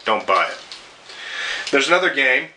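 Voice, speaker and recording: A man's voice: medium pitch, very animated, moderate pace, pushed and bright, a little hiss or hum. A young man delivering a profane, sarcastic rant as a video game reviewer, with frequent swearing and exasperated asides. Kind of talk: ranting commentary video.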